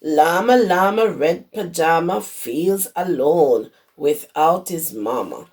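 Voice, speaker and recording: A hoarse woman who teaches preschool, reading a picture book aloud to young children and stopping to explain words. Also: low-pitched, animated, slow pace, a little mellow. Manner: explains words to small children as she reads. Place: her home.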